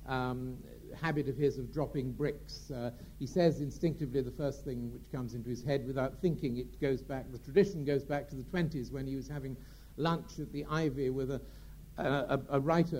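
Chatty, halting male raconteur. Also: mid-range voice, mellow, slight background noise. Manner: chatty, hesitant with many fillers. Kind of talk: anecdote telling.

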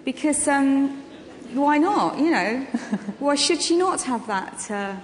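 A woman's voice: high voice, animated, takes it slowly. Chatty woman in an echoey hall. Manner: chatty anecdotal storytelling with frequent ums and laughs. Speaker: guest actress and comedian. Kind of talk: on-stage festival interview. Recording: echoey hall with long reverb, faint ambience.

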